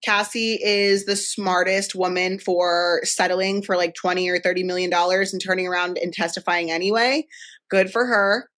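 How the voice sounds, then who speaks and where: A woman's voice: on the low side, steady tone, moderate pace, fairly bright tone. A woman hosting a podcast, talking frankly and bluntly in casual chat, swearing easily, and sounding tired. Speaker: podcast host.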